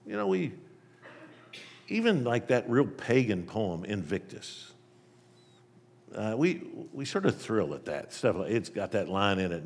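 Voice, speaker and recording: A male preacher giving an emphatic sermon, telling a parable and shifting between loud and soft delivery. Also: on the low side, big pitch swings, a little slow, long pauses, long reverb tail.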